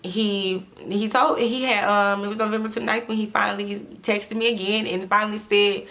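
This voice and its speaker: A woman's voice: medium pitch, steady tone, normal speed, a bit bright. A young woman telling a personal story to her viewers in casual chat, often repeating words and reading old text messages aloud. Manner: chatty, repeats words, reads texts aloud.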